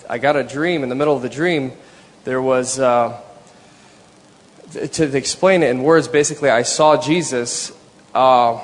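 A man telling a personal story in church, earnest and halting, often repeating his words. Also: mid-range voice. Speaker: speaker sharing a conversion story. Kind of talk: personal testimony. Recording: long hall reverb.

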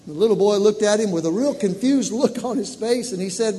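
A middle-aged man preaching in a large church, telling stories and building to loud, emphatic delivery. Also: high voice, fairly quick, few pauses. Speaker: pastor. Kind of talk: sermon. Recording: long hall reverb, faint room noise.

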